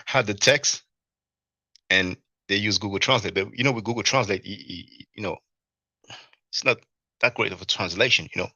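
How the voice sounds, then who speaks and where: On a livestream, a male host rambles through a personal story in casual talk, animated and full of fillers and restarts. His medium-pitched voice is creaky and slightly rough, with no room sound.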